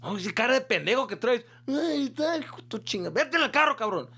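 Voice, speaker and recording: A man voicing his angry middle-aged father, who yells and curses at his son in Spanish. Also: very high voice, sing-song, fast, pitched above the performer's own voice, heavily acted. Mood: furious. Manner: yelling, cursing in Spanish.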